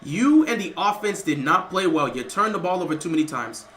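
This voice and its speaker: A man's voice: high-pitched, expressive, brisk, a bit bright. A man hosting a livestream, giving emotional, rambling live commentary on a football game as he watches, repeating himself and reading out donations. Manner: reads out viewer donations. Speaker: livestream host.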